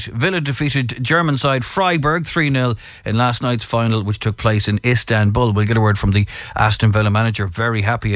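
An Irish man hosts a morning radio show, chatty and brisk as he greets listeners and runs through the sports news. His voice sits in an ordinary middle pitch. The studio sound is close and dry. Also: fairly bright tone, dry recording. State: out of breath. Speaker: radio presenter. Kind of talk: breakfast radio chat and sports headlines.

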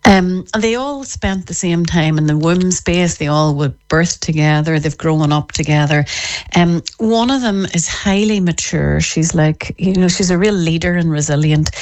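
A woman, a parenting author explaining her ideas in an interview in a lively way. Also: on the low side. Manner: lively, acts out parents' voices in quotes. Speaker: parenting author and expert guest.

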